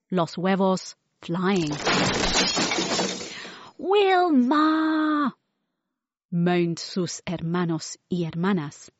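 A woman reading a children's storybook aloud with an expressive manner. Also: lowish voice, no room sound, highs cut off.

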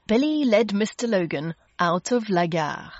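A woman narrating a children's storybook aloud in an expressive read-aloud style. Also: mid-range voice, dry recording, highs cut off. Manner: slow, lively expressive reading.

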